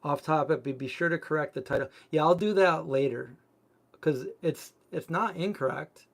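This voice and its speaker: A man's voice: a little high, moderate pace, creaky. A man hosting a cooking channel, chatting casually on a live stream and answering viewer comments in a rambling way, full of filler words. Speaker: vegan cooking channel host.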